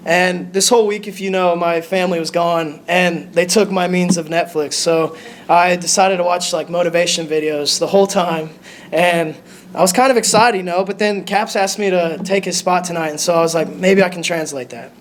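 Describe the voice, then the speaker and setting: A young man with a high voice preaches a short lesson to his church. He sounds nervous and halting, often stopping to restart a sentence, with a faint hum of noise behind him. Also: fairly even intonation. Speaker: lay preacher. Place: church sanctuary.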